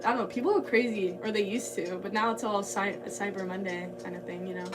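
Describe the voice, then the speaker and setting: A woman's voice: mid-range voice, steady tone, fast talker, over music. A woman potter livestreaming as she works, chatting casually and thinking aloud. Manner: rambling, thinks aloud while working. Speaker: ceramic artist livestreaming. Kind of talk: casual livestream chat while working. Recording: distant mic with background noise.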